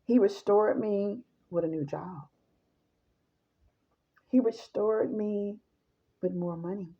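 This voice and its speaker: A woman tells her personal testimony in an emphatic way and keeps turning to her listeners. Her voice has a gravelly fry, and the recording sounds dull and lo-fi. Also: medium pitch, slow. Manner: emphatic, speaks straight to listeners as y'all.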